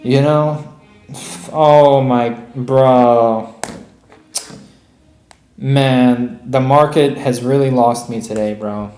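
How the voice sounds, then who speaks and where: A man's voice: mid-range voice, fairly even intonation, very slow, long pauses, mellow. A man live-streaming his day trades, ranting in an exasperated, profane way and saying "bro" constantly. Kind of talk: live trading stream commentary. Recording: echoey room with music playing behind.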